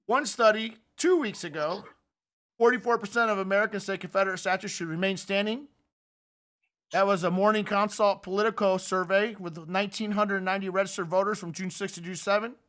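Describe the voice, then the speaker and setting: A man hosting a political podcast, giving opinionated and animated commentary. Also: high voice, brisk. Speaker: podcast host.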